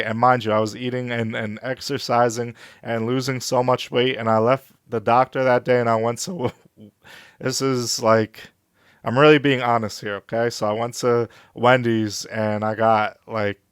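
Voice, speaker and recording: A man candidly telling a personal story in a vlog, halting and emotional at times. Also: on the low side, clear, resonant tone, no echo, clean studio sound. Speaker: vlogger.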